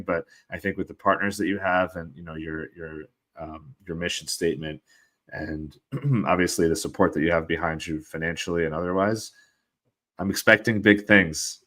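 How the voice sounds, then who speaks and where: A man with a very low voice hosts a podcast. He talks in a relaxed, friendly way, with easygoing restarts as he winds the interview down. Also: fairly quick. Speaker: podcast host. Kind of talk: casual interview.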